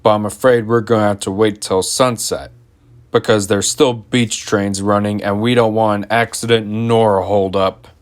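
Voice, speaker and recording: A man voicing a stern, portly railway boss who booms and scolds. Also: fairly even intonation, moderate pace, lightly acted. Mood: firm. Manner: booming and scolding.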